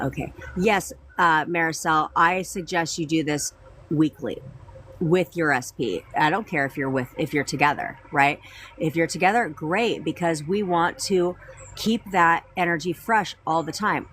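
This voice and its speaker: A woman's voice: low-pitched, a bit bright, a little hiss or hum. A woman coaching viewers on a live stream, chatting casually, answering them by name and repeating her points.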